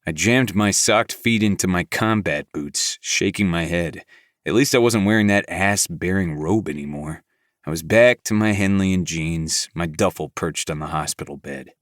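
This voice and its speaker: Male narrator, very deep voice, flat, gruff, dry close mic. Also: normal speed, no room sound. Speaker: audiobook narrator. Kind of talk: scripted narration.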